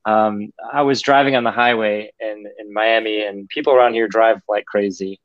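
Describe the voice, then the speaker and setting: A man's voice: fairly low pitch, moderate pace, dry recording, muffled recording. A man on a podcast, talking casually and animatedly, acting out other people's voices as he explains his ideas. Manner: animated storyteller, acts out voices. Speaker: podcast guest.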